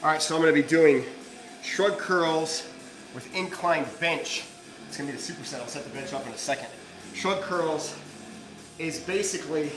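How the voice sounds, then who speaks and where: A man's voice: on the high side, rough recording. A man coaching a live gym workout, breathless between sets, explaining technique. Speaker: fitness coach.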